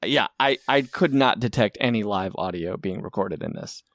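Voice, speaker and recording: A man's voice: lowish voice, normal speed, fairly bright tone, dry recording, studio quality. A man co-hosting a podcast in casual chat, joking and swearing, often restarting his sentences. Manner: joking and profane, many restarts. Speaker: podcast co-host.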